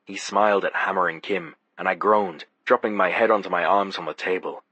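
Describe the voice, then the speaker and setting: A man narrates a first-person audiobook with a wry, sardonic touch. His voice sits low with a husky grain, and the recording is dry and close. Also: steady tone, fairly quick, pushed and bright, no echo, dull audio.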